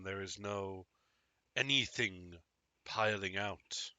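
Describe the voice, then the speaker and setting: Low, bright-toned, earnest weary knight voiced by a man, dry close sound. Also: dry recording, heavily acted. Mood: solemn. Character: Albus, weary loyal male knight NPC.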